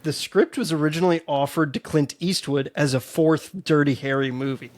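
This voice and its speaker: A man with a fairly high voice co-hosts a film podcast in a loose, casual way. He drops swear words easily, sprinkles in trivia, and grew up in Chicago. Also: a little fast. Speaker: podcast co-host. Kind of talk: casual film review chat.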